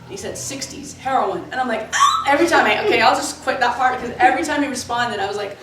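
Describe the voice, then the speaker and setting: Animated rambling woman in an echoey room. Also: a little high, fast talker. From Florida, USA. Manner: animated, lots of fillers, jumps between tangents. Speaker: club worker interviewee. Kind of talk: rambling anecdotal storytelling. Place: indoors, in the club building. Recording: echoey room, distant mic, faint noise.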